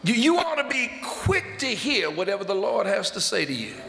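A man's voice: high-pitched, very animated, moderate pace, gravelly, a bit bright. A man preaching a sermon in an emphatic, folksy style, repeating phrases and stretching words out for stress. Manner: folksy Southern-style preaching with loose grammar. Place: church sanctuary. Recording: echoey hall sound.

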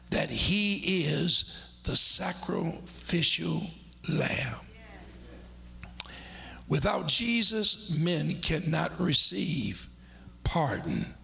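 A man preaching a sermon emphatically, with dramatic pauses, swinging from loud bursts to near-whispers. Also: high voice, gravelly.

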